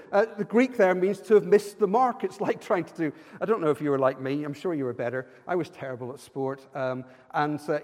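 A man's voice: high voice, darkish tone. A man preaching a sermon in a church, earnest and personal, building to emphatic repeated lines. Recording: long hall reverb.

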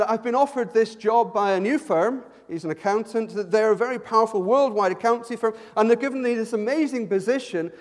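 High-voiced pastor preaching in a hall. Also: male voice. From Ireland. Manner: conversational, joking asides, repeats words when starting a sentence. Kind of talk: sermon. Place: church hall.

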